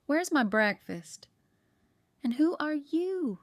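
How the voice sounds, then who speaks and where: A woman's voice: sits high, big pitch swings, takes it slowly, dry recording, clean studio sound, pitched above the performer's own voice, exaggerated voice. A woman reading an audiobook, voicing a cranky, confused elderly aunt who rambles and grumbles on the phone. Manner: querulous, rambling, cackling.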